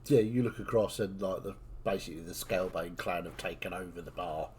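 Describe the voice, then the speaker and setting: A man's voice: deep voice, brisk, darkish tone, slight background noise. A man narrating a tabletop game as its game master, in easygoing talk with plenty of fillers.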